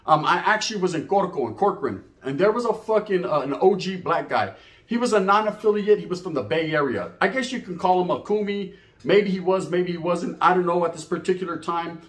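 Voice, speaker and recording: A man's voice: high-pitched, reverberant. A man telling prison stories in a casual, profane, slang-heavy monologue, laughing at his own tales. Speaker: storyteller recounting prison life.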